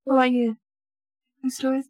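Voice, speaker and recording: A woman's voice: sits high, little pitch movement, fast talker, a little mellow, no room sound. A woman co-hosting a podcast, a new mother chatting casually and laughing at her own stories. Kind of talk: casual chat.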